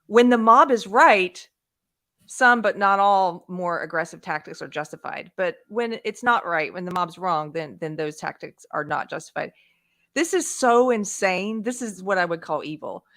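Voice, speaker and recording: A woman with a fairly low, animated, slightly bright voice hosts a casual political talk show at a moderate pace. She readily and often agrees with her guest and reads posts and quotes aloud.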